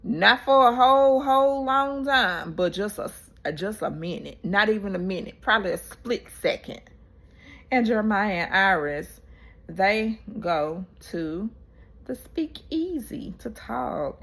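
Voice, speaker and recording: A woman vlogger recapping a reality show episode in casual, animated storytelling, acting out what people said. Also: on the low side, vocal fry. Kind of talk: casual chat.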